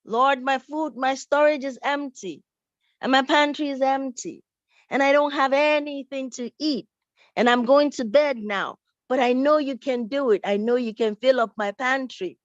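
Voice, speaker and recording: A woman's voice: high voice, moderate pace, no echo, lightly acted. A woman voicing a hungry, faithful woman who prays earnestly to God. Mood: pleading. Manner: earnest, pleading prayer. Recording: dull, dry recording.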